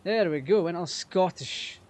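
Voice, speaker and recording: A man casually commenting on his racing game, sweary and quick to rage at the game. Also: high voice, darkish tone. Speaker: gaming channel host.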